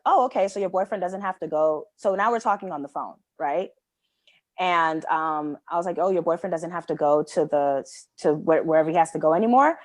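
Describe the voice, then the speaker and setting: A young adult woman co-hosting a podcast, telling a story in casual chat, animated and full of "like" fillers as she acts out what people said. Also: fairly low pitch, no room sound. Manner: animated, many "like" fillers, acts out quoted dialogue. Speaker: podcast co-host.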